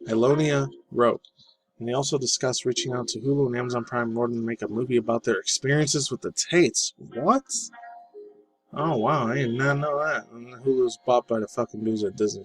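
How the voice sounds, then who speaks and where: A laid-back man rambling through casual news commentary, swearing freely. His voice is a plain middle pitch. A lofi music track plays clearly under him the whole time. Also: a little fast, poor audio. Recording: voice over lofi background music.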